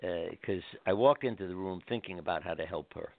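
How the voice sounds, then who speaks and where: An older man, a doctor and interview guest, telling gentle anecdotes and acting out the people he quotes. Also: deep voice, a little fast, dry recording. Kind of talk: storytelling interview. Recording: dry phone line.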